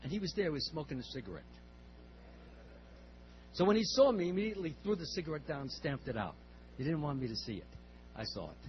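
Older man telling a story in a high voice. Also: sing-song, quick pace, long pauses. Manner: rambling, with repeated words and restarts. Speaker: speaker at a temple class. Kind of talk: storytelling class talk. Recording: slightly muffled, faint hum.

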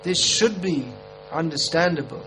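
A man's voice: fairly high pitch, lively intonation, measured pace, noisy background. A man in his fifties giving a sermon in a conversational, wry and emphatic manner. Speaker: preacher.

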